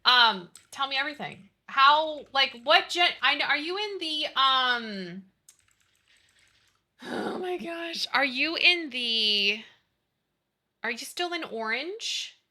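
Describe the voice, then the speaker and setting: A woman's voice: high-pitched, expressive, takes it slowly, bright, forceful tone. A young woman streaming live, chatting casually, swearing freely and apologizing as she fiddles with her settings.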